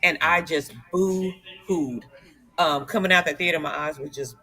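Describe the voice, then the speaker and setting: A woman's voice: sits low, a little slow, pushed and bright, rough recording. A woman co-hosting a casual filmmaker panel, telling a story in an earnest, heartfelt way. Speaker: podcast co-host.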